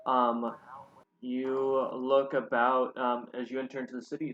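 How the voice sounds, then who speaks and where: A man's voice: medium pitch, expressive, unhurried, gravelly, fairly bright tone. A man narrating a tabletop game as game master, rambling with many fillers, in a roomy, slightly dull recording.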